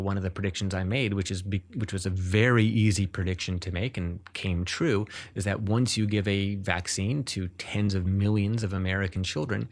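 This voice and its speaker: Deep-voiced man explaining earnestly. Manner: earnest, explains at length with frequent restarts. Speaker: neurologist guest. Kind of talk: explanatory interview talk.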